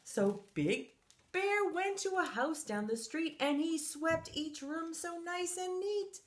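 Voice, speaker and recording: A woman's voice: very high voice, animated, slow. A woman reading a picture book aloud to children, playfully asking her young listeners questions as she goes, in a roomy, echoey space. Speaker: children's story reader. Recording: roomy echo.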